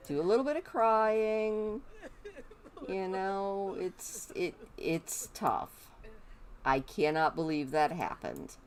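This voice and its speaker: A woman streaming a life-sim game, chatting as she plays and talking to her characters. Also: fairly low pitch. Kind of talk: live gameplay commentary.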